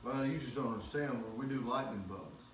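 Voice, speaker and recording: A man's voice: medium pitch, a little fast, natural voice. A man playing a pushy gum-chewing Southern Mississippi florist woman, folksy drawl, roomy and distant with background noise. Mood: insistent. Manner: folksy, insistent, calls people hon. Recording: echoey room, mic far off, noisy background.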